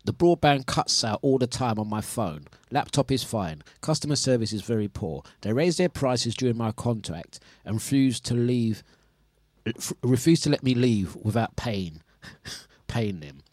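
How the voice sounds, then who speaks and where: Slow-talking radio DJ, dry sound. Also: male voice, medium pitch, expressive, a little mellow, no echo. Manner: chatty, laughs often, reads listener complaints with indignant banter. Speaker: radio DJ and breakfast show host. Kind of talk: casual breakfast radio chat.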